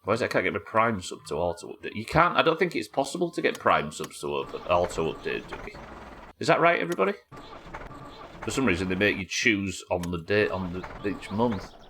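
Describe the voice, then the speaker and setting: A man's voice: sits low, big pitch swings, brisk, sharp tone, slight background noise. A man streaming a game live, chatting casually with his viewers and co-players, swearing now and then as he answers their questions. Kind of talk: live gaming stream chat.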